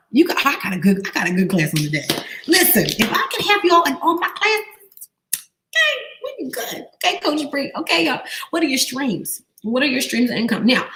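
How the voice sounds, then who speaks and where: A young adult woman, an online business coach running a live training and quizzing her viewers with lively, repetitive call-and-response questions. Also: high voice.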